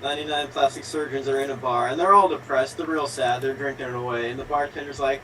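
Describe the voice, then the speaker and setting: Lively male joke teller, noisy line. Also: medium pitch, quick pace, hardly any pauses. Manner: lively storytelling, lifts his voice for quotes. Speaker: improv performer. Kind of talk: casual joke telling. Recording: distant mic with clear background noise.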